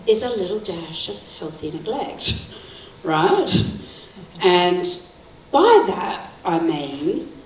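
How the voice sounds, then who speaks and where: Speaking to parents in a school hall, a middle-aged guest speaker from Sri Lanka shares stories warmly, breaks into frequent laughter, and keeps turning to the audience with "right?". Her voice is mid-range, and the distant mic captures hall echo and a little background noise.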